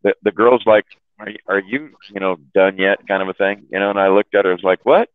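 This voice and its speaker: A man's voice: low-pitched, little pitch movement, fast talker, smooth, no room sound. A man telling a long profane story in casual chat, rambling and laughing at his own jokes. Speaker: chat room host telling stories. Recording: dry, phone-like audio.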